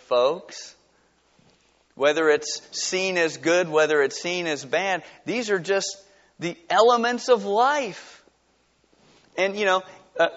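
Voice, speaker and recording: A pastor preaching a conversational sermon, full of rhetorical questions and lively asides. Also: male voice, mid-range voice. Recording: dull sound with long hall reverb.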